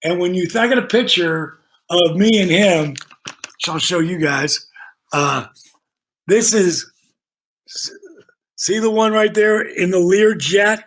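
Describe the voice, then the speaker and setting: A man with a fairly high-pitched voice for his sex, spinning casual stories as a podcast guest. He is animated and profane and acts out the back-and-forth of each conversation. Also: slow pace, pauses often. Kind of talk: casual storytelling.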